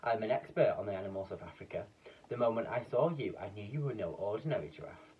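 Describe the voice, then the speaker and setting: A man's voice: on the low side, quick pace, slightly rough, narrow, tinny audio. A man putting on a pompous old duke. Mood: grand. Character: grand, excitable old male duke.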